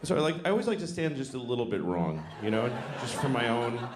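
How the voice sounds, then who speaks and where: A man's voice: mid-range voice, big pitch swings, fast talker. A man from Boston with a Boston accent doing stand-up comedy in a wry, rambling way that trails off mid-thought. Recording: roomy club with audience noise.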